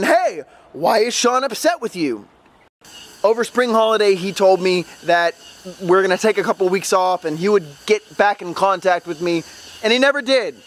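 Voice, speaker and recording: A man with a high-pitched voice recounts a story in casual vlog style. He talks emphatically and sounds exasperated, and his delivery builds to outbursts. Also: a bit bright. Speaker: travel vlogger and former ESL tutor.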